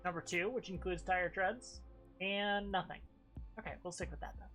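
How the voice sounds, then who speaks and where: A woman's voice: fairly low pitch, steady tone, moderate pace, a bit bright, faint music behind. A woman streaming a game and chatting casually with her chat. She thinks aloud and swears often. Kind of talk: casual live game commentary.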